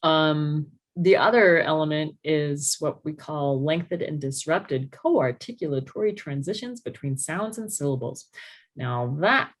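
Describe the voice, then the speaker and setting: A woman speech-language pathologist explaining to parents in a lively way, acting out speech sounds as she goes. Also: low voice, unhurried. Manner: animated, demonstrates speech sounds.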